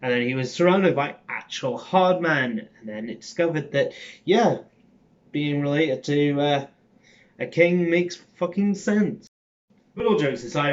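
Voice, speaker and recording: A man's voice: a little high, unhurried. A young man with a Cockney accent, an acting student rambling casually to his channel with lots of ums and swearing. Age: young adult. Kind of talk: casual chat. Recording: dull lo-fi sound.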